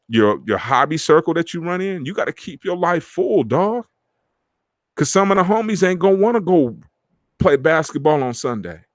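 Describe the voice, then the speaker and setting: A middle-aged man hosting a podcast, talking in animated street slang and acting out the friends he quotes. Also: on the high side, no echo, clean studio sound. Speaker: podcast host. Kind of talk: casual motivational talk.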